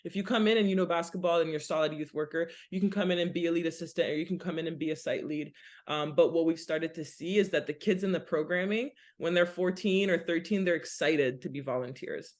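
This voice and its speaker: A woman's voice: on the low side, fast talker, darkish tone. Podcast guest: young adult woman, earnest and explanatory, casual interview talk. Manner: earnest and explanatory, lists things in runs. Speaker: basketball nonprofit director, podcast guest.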